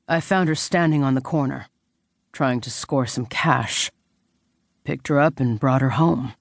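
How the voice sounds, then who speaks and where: A woman narrator voicing a guarded tattooed man with a low, gravelly voice in an audiobook. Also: unhurried, no echo, clean studio sound, exaggerated voice. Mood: earnest.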